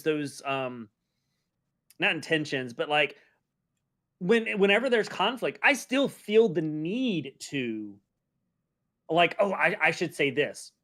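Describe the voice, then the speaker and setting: A man's voice: on the high side, a bit bright. A man co-hosting a casual stream chat, talking in a rambling, self-reflective way and often restarting his sentences. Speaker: streamer co-host.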